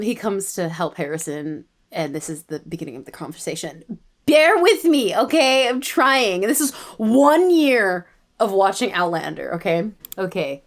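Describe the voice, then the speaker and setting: A woman's voice: mid-range voice, big pitch swings, measured pace. A young Canadian woman in her twenties, tired late at night, chatting in a casual, self-mocking way and often dropping to a whisper. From Toronto, Canada. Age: 20s. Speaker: writer and vlogger.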